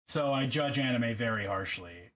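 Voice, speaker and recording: A man streaming casually as he paints a miniature, rambling and self-deprecating, with halting restarts. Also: medium pitch, animated, a bit bright.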